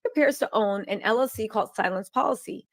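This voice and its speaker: A woman's voice: on the high side, fast talker. A woman co-hosting a live show, reading news items aloud and adding sarcastic, wry asides.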